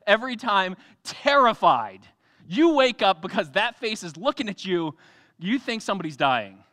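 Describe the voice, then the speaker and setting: A young adult man preaching a sermon in a church, telling the story with animated energy, acting out voices and laughing often. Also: high-pitched, moderate pace. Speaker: pastor.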